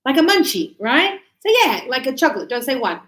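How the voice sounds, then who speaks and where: Woman, Australian accent, middle-aged, English teacher, animated, roomy echo. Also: high voice, brisk. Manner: lively, explains with acted examples. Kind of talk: live grammar lesson. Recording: echoey room.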